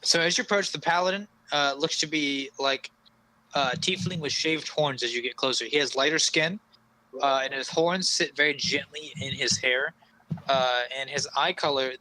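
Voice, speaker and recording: A man's voice: mid-range voice, bright, forceful tone, slight background noise, rough recording. A young man narrating a tabletop game as game master, rambling with fillers and restarts.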